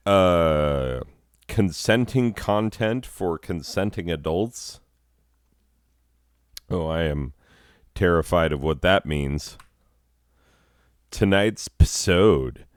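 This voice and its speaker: Male host, very deep, unhurried, sardonic asides. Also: a little mellow, clear, resonant tone, no room sound, studio quality. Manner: sardonic, self-deprecating, chuckling. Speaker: host, drama teacher. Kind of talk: comedic hosting with asides.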